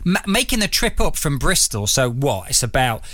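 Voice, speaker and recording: A man hosting a podcast, chatting casually and excitably and laughing often. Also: medium pitch, moderate pace, dry recording. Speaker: podcast host. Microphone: studio microphone.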